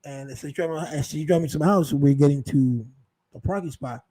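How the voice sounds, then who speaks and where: A show host tells a rambling, profane story in a casual monologue, restarting often and repeating words. His voice is a little high and a little fast, with a warm tone, on a low-quality recording.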